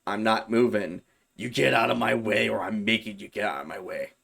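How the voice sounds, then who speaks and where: A man voicing a menacing demon possessing a young woman, speaking in a slow, cold, quiet taunting way. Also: on the low side, vocal fry, breathy edge, exaggerated voice. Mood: cold menace.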